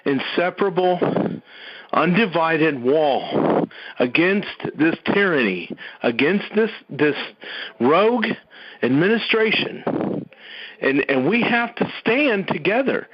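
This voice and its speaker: A man's voice: a little high, no room sound. A man giving a folksy, emphatic talk on a conference call, with "y'all" and frequent restarts. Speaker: caller speaking on a conference call. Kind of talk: impassioned speech on a call. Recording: dull, muffled phone-call audio.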